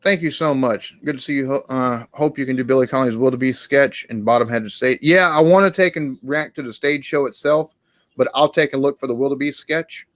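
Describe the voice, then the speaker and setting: A man hosts a casual live-stream Q&A, reading comments and answering questions. He rambles and stops to restart his sentences. His voice sits at a middle pitch, and the sound is dry and close to the mic. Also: fairly quick, no room sound. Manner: rambling, hesitant, with many restarts and fillers.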